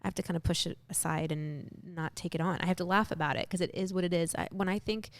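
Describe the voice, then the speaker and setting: A woman's voice: fairly low pitch, steady tone, fast talker, no room sound. A woman chatting casually as a podcast guest, musing reflectively and acting out her own past remarks. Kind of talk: casual spiritual chat.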